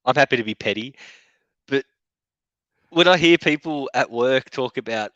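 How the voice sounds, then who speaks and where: A man co-hosting a casual chat, with a bright, forceful voice. He jokes cheekily, laughs often and swears freely. The sound is dry and close. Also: mid-range voice, moderate pace, pauses often, dry recording, highs cut off. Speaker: co-host.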